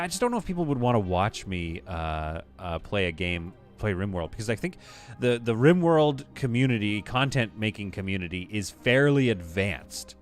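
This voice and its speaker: A man chatting casually while streaming a video game, rambling between topics and often laughing. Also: mid-range voice. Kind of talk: casual live gameplay commentary.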